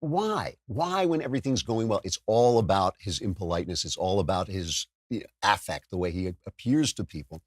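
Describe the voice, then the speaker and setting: A man's voice: low voice, expressive, a little fast, hardly any pauses, dry recording, clean studio sound. A man hosting a political talk show, delivering a sardonic, self-mocking monologue with frequent stumbles and restarts. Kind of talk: podcast monologue with ad read.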